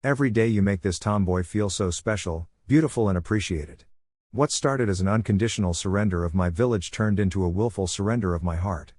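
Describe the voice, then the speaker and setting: A man's voice: lowish voice, fairly quick, a little mellow, dry recording, clean studio sound, natural voice. A man voicing a headstrong young woman reading her wedding vows in a plain storybook manner. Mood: tender.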